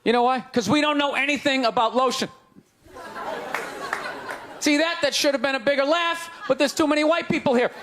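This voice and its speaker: Ranting male stand-up comic, high voice. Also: brisk, long pauses, background noise. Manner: ranting, incredulous, shouting punchlines. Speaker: stand-up comedian. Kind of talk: stand-up routine. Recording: live club with crowd laughter.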